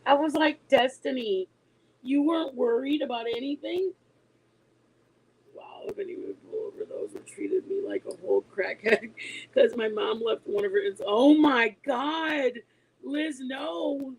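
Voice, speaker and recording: A woman in her forties with a high, breathy, husky voice, telling a story casually to her viewers. She talks emphatically and keeps insisting she's telling the truth. She laughs easily as she goes. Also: measured pace, low-quality recording. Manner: animated and emphatic, insisting she is not lying. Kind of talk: casual storytelling to an online audience.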